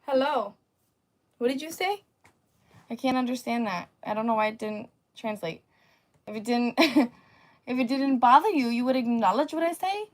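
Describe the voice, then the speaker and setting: A young woman talks casually on her livestream, answering the chat with a sassy, teasing edge and frequent laughter. Her voice sits a little high. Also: normal speed, pauses often. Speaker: livestream host.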